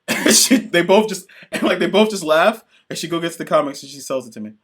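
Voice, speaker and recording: A man co-hosting a podcast, reviewing comics in excited, profane casual chat and acting out characters in quick bits. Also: a little high. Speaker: podcast co-host.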